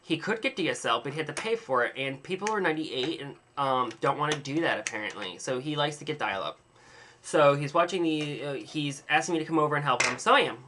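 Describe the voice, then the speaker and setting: A man's voice: on the high side, expressive, fast, noisy background. A young man rambling in a casual video diary, telling an exaggerated, dramatic story with playful self-mockery. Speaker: vlogger.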